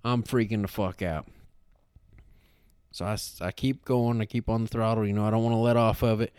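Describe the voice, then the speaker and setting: This man co-hosts a podcast, and his low, smooth voice moves along fairly quickly as he tells an animated story in casual chat. He swears constantly and packs his sentences with "like."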